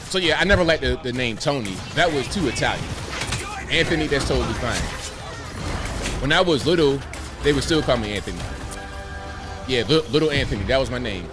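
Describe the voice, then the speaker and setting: A man's voice: medium pitch, expressive, fairly quick, pauses often. A man in his forties from Virginia, hosting a livestream, telling stories and asking rhetorical questions in a wry, repetitive way. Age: 40s. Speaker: livestream host. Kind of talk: casual chat with a stream chat. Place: home room with bookshelves. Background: game music.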